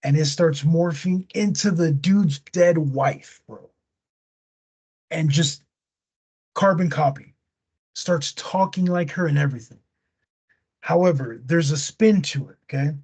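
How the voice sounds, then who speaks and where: A man hosting a casual podcast, slangy and animated as he retells a movie plot. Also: on the high side, unhurried, pauses often, slightly rough. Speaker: podcast host.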